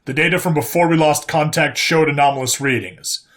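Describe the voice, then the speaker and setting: A man's voice: fairly high pitch, fairly quick, fairly bright tone, natural voice. A man doing a terse squad leader. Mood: commanding. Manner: clipped, commanding.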